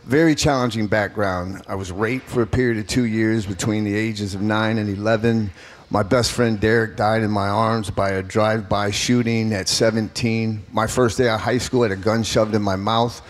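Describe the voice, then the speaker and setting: A man in his fifties, a political candidate being interviewed, telling his story in an earnest, emphatic way. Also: fairly low pitch. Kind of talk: radio interview answers.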